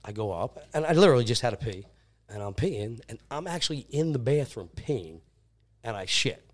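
A man tells a crude story at podcast-chat pace, breaking into laughter and cursing freely. His voice rises and falls a lot, full of animation. He sits at a middle pitch for a man. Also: a little fast. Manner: laughing, animated anecdote teller, swears often. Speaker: podcast guest. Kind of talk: casual storytelling.

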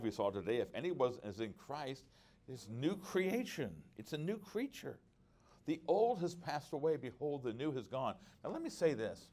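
Middle-aged male preacher, low-ish voice, earnest conversational teaching with personal anecdotes. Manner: earnest, conversational, with many restarts and personal stories. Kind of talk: conference workshop teaching.

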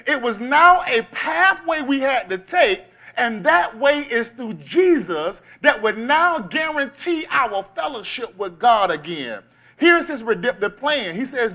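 A male pastor preaching a sermon, calling on the congregation to shout back and drawing out key words. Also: very high-pitched, lively intonation. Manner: call-and-response preaching, slows and stresses key words.

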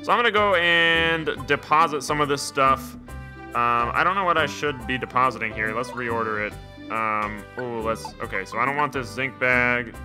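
Over music, a young let's player jokes around while playing a video game, his casual commentary rambling and peppered with "like" and "man." He speaks at a normal pace in a mid-range voice.

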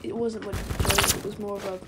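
A woman's voice: medium pitch, little pitch movement, fast talker. A woman giving casual, rambling gameplay commentary that often corrects itself. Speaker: gaming channel creator. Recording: noisy game audio with gunfire. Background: game gunfire and clicks.

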